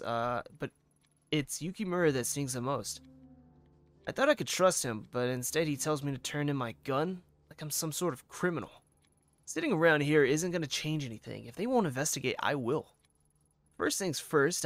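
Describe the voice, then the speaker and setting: A man's voice: a bit bright, lightly acted. A man reading a weary, bitter woman detective. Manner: low, weary and resentful.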